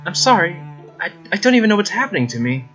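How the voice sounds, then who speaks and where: A man's voice: high voice, very animated, fast talker, a bit bright, voice pushed up. A man voicing a timid, nervous teenage schoolgirl, reading her lines plainly. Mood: worried. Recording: slightly dull with game music.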